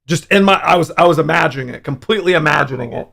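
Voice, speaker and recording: A young man hosting a casual livestream, telling a profane, animated story about his hangover. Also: a little high, very fast, vocal fry. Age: young adult. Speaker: livestream host.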